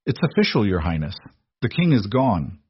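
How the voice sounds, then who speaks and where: A man voicing a gruff, sardonic maidservant in a storybook reading, speaking bluntly. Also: on the low side, sing-song, moderate pace, highs cut off.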